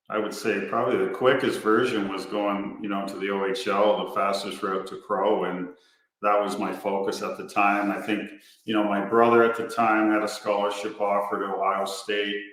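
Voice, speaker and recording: A man who is a former hockey player, a podcast guest speaking in an even, measured way from a bare office. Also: lowish voice. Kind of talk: casual podcast interview. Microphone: headphones and remote mic in echoey room. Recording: echoey bare office audio.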